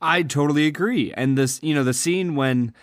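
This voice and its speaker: A man co-hosting a film podcast, retelling movie scenes in an earnest, animated casual chat. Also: a little high, moderate pace, dry recording, clean studio sound. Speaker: podcast co-host.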